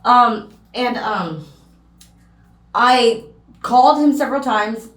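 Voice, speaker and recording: A woman's voice: fairly high pitch, takes it slowly, fairly bright tone. Rambling woman, echoey room. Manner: rambling with many fillers and restarts. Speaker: vlogger. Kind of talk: casual storytime vlog.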